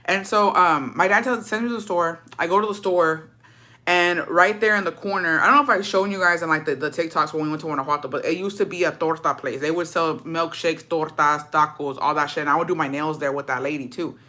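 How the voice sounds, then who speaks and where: A young woman casually telling a story in a profane, slangy, animated way, dropping in Spanish phrases. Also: sits low, a little fast. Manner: animated, dramatic retelling. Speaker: storytime vlogger.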